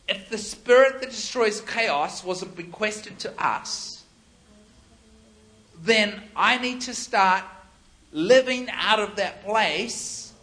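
A man's voice: high voice, bright, forceful tone. A male pastor preaching a sermon, telling stories in an emphatic, conversational way.

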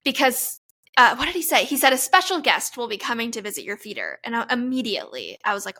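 A young woman tells her story in a casual, excited rush, piling on fillers and breathless asides. Her voice sits a little high and sounds very bright and forward. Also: brisk. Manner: gushing, breathless fan recap with many fillers. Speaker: podcast host.

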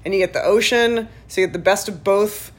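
A woman's voice: mid-range voice, brisk. A woman in casual chat, telling a rambling story full of restarts and "like".

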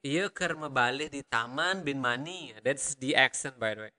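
A man teaching a language lesson, patiently repeating each word slowly for learners. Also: mid-range voice, bright, forceful tone. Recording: long hall reverb.

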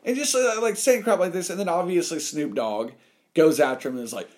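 Brief: man, casual opinion podcast, very animated delivery, wide pitch swings, acts out quotes. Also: brisk.

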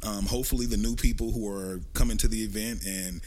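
A man's voice: on the low side, steady tone, fast, a little hiss or hum. Brash, profane man hosting a podcast. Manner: loud, profane, laughing banter. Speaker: podcast host. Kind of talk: casual chat.

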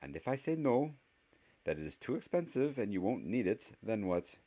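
A man's voice: on the low side, very animated, normal speed, mellow, pitched above the performer's own voice. A man voicing a strict elderly witch professor, speaking in a clipped, dry manner. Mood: stern.

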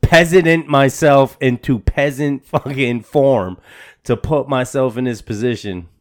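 A man co-hosting a casual podcast, telling a story in a loose, rambling way. He stumbles over his words and starts sentences over and over. His talk is slangy and full of swearing, and his voice sits at an ordinary middle pitch. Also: a little slow. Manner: rambling, repeats words and restarts often; slangy and profane, says "bro" a lot. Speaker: podcast co-host.

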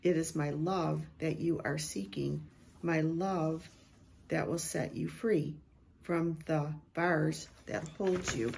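Middle-aged woman reading a prophetic word slow and reverent, gravelly low voice. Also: fairly even intonation, darkish tone. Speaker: Christian prophetic speaker.

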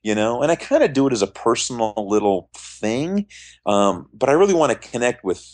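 A man's voice: mid-range voice, moderate pace. A middle-aged man, a magician being interviewed, telling stories and acting out the voices of the people in them. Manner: animated storyteller acting out quoted voices. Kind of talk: storytelling in an interview.

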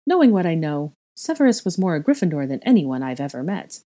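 Gruff hearty old wizard, blunt, low mellow voice, read by a woman. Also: very animated, fairly quick. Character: gruff, hearty male wizard founder with a pipe.

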